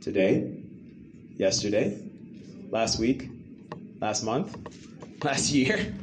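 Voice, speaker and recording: A man preaching a sermon to a church congregation, animated and full of rhetorical questions. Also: fairly low pitch, very slow, background noise. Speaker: pastor.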